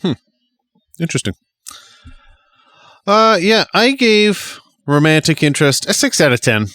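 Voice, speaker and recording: Easygoing man with a smooth voice. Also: on the high side, big pitch swings, measured pace, bright, forceful tone, dry recording, clean studio sound. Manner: easygoing, offhand. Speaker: podcast co-host or guest. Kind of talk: casual film review chat.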